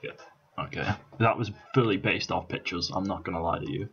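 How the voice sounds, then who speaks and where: A man's voice: deep voice, fairly quick, fairly bright tone, muffled recording. A Scottish man casually commentating on his own language-app practice, thinking aloud and chuckling at his mistakes. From Scotland. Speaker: vlogger. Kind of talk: casual let's-play commentary.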